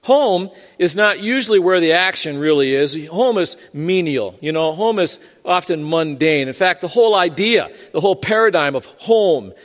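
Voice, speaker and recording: A man's voice: sits high, lively intonation, moderate pace, few pauses, in a large hall. A male pastor preaching a sermon in a conversational way, with joking asides.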